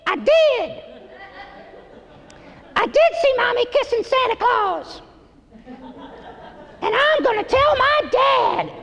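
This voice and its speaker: A man doing an impression of a ten-year-old boy singer in a strained high falsetto, tattling in a sing-song way. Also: big pitch swings, slow, long pauses, sharp tone, lo-fi sound, a faint crowd, full character voice. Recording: long theater reverb.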